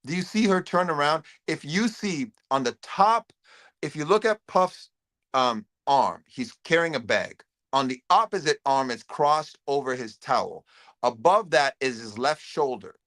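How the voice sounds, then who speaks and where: A man's voice: fairly high pitch, expressive, a little slow, fairly bright tone. A middle-aged man hosting a casual livestream, talking loosely to viewers, repeating words and reading the chat aloud. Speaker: host.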